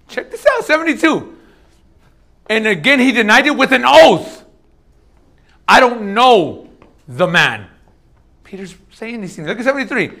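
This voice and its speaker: A man preaching a sermon as pastor, casual and animated, swinging between loud bursts and hushed asides. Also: high-pitched, normal speed, pauses often.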